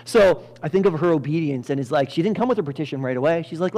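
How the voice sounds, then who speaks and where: A male pastor telling a Bible story in a lively sermon, acting out the characters with sudden loud bursts and frequent laughter. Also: a little high, fast talker. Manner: animated, acts out characters with sudden loud jumps, laughs often. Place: church.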